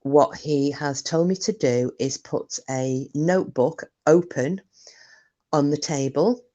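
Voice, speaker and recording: On a live stream, a woman host chats casually in a low, mellow voice at a slow pace, rambling with lots of fillers. She keeps breaking off to greet viewers by name.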